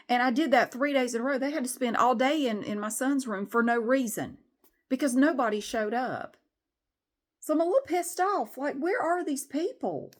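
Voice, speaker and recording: A middle-aged woman, venting candidly in a rambling, frustrated way with some swearing in a casual vlog. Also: on the high side. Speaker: vlogger.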